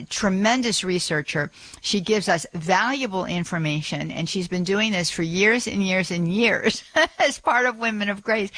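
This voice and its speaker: A woman's voice: lowish voice, a bit bright, rough recording. A woman hosting a radio talk show from a studio, chatty and full of fillers and restarts.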